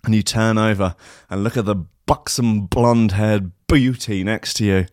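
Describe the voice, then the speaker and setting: A man's voice: on the low side, fairly even intonation, moderate pace, a little mellow, no echo, clean studio sound. A man presenting, telling an absurd spooky story in a playful, theatrical way.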